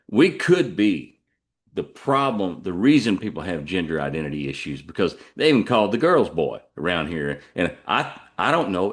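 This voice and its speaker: Folksy Texan man, lowish voice. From Texas. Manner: folksy, digressive, drawling asides. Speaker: podcast host. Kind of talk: rambling storytelling monologue.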